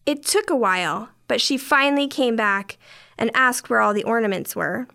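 A woman's voice: fairly high pitch, expressive, moderate pace, gravelly, sharp tone. A middle-aged woman narrating a first-person story in a dry, wry way.

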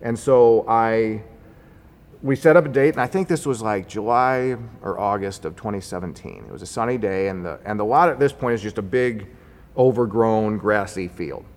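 A man's voice: fairly low pitch, normal speed. Man telling a story in a reverberant hall. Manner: conversational, wry and animated when recounting. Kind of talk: personal story told to an audience.

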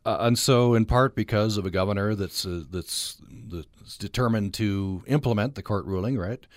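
A man's voice: on the low side, normal speed, dry recording, studio quality. A man hosting a radio interview, hesitant and repeating words as he forms his questions. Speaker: radio host.

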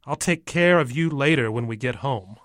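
A man voicing a stern father who yells at his son, slow and forceful. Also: medium pitch, dry recording, clean studio sound, close to an everyday voice. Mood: angry scolding. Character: stern angry father scolding his boy.

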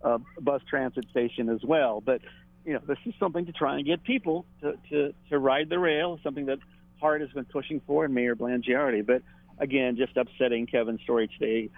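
A man, a political editor giving a relaxed analysis on the radio and chuckling often. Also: medium pitch, a little fast, no room sound. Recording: dry, tinny phone-line sound.

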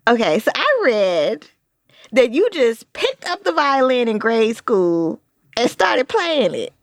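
Eager, lively female interviewer. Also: a little high, slow pace, no echo, clean studio sound. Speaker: radio reporter interviewing. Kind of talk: interview questions.

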